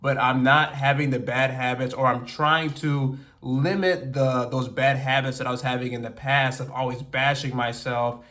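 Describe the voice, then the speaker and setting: A man's voice: medium pitch, steady tone, moderate pace, few pauses, pushed and bright. A man from the United States with an American accent, talking earnestly and openly about his own experience in a personal vlog. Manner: earnest, open and self-reflective. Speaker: language-learning vlogger.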